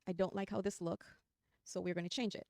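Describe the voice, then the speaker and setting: A woman's voice: fairly low pitch, steady tone, brisk, gravelly, darkish tone, no room sound, clean studio sound. A woman with a New Jersey accent giving a chatty, upbeat live screen-share tutorial, talking her viewers through each step as she clicks. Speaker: online design tutor.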